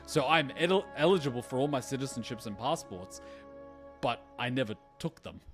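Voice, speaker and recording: A man's voice: mid-range voice, lively intonation, normal speed, fairly bright tone. Young guy streamer yapping over a game, swears a lot, laughs, rambles on, faint music behind. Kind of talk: casual chat over gameplay.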